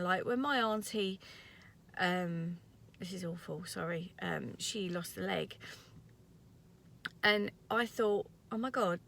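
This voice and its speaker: A woman's voice: medium pitch, pushed and bright. Earnest woman vlogging from a car. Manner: earnest, rambling, tearful at times. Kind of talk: emotional motivational vlog. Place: parked car.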